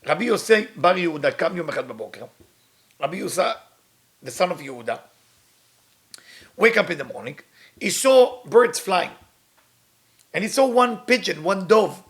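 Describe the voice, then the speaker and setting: Fast-talking man teaching. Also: high voice, lively intonation. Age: middle-aged. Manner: reads Hebrew text quickly, then retells it in English. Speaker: Kabbalah teacher. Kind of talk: storytelling lesson with translation.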